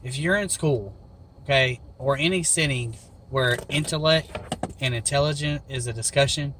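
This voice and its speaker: A man driving his children to school, talking calmly, asking probing questions and lecturing gently like a parent. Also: medium pitch, moderate pace. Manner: calm, probing, fatherly lecturing. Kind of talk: casual chat. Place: inside a moving car. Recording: car road noise throughout.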